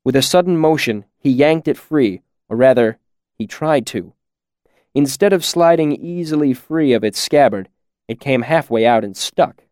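A man narrating a story in a measured, expressive way. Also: medium pitch, clean tone, no room sound, studio quality. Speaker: audiobook narrator. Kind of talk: scripted narration.

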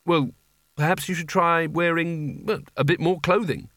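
A man's voice: on the high side, moderate pace, a bit bright, dry recording, voice pushed up, lightly acted. A man reading aloud, voicing a weary, cowardly wizard who speaks in a dry, long-suffering way. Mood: wry.

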